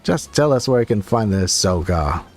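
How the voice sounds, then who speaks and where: A man voicing a brash, scornful woman warrior who taunts in a gruff, folksy way. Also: fairly low pitch, expressive, normal speed, darkish tone, faint music behind.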